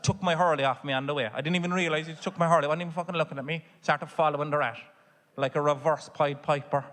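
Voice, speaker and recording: A man's voice: a little high, steady tone, fast talker, fairly bright tone, in a large hall. A man with a Cork Irish accent doing a stand-up comedy set, telling family stories full of swearing and putting on voices. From Ireland. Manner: swearing, storytelling with exaggerated voices for his family. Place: theatre stage before a laughing audience.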